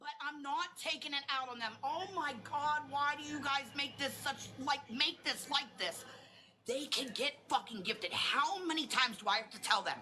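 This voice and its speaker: Woman host ranting on her live, loud and blunt, kinda high voice. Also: animated, normal speed, slight background noise, rough recording. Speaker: livestream host. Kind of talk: heated livestream rant.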